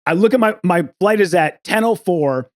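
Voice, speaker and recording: A man's voice: expressive, moderate pace. A man, a comedian guest on a podcast, telling a rambling story with lots of swearing and acted-out quotes. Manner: acts out quoted people with big jumps up in pitch, swears a lot. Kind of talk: animated storytelling.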